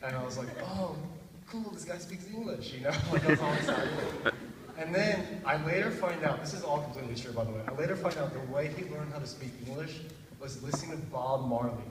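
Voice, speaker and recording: A young man tells a rambling stand-up story, laughing at his own jokes. His voice sits a little high. He is heard from far away in a big hall with a long echo and plenty of background noise. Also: fast talker. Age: young adult. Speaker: stand-up comedian. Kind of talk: stand-up comedy. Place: hall at a talent show.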